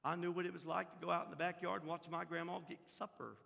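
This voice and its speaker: Casting: male pastor, middle-aged, high gravelly voice, sermon in a reverberant church hall. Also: little pitch movement, quick pace. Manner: impassioned, storytelling, swells loud at peaks. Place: church sanctuary.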